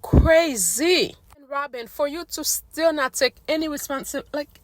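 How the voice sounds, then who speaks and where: A woman's voice: sits high, expressive, measured pace, no echo. A woman ranting casually to her viewers in a blunt, slangy, exasperated way while she is losing her voice. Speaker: recap vlogger. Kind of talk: casual rant to camera.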